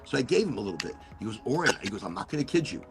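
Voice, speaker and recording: A man's voice: fairly low pitch, rapid-fire, over music. A man hosting a casual chat show, telling stories with lots of acted-out quotes. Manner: animated storyteller, acts out quotes. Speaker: host.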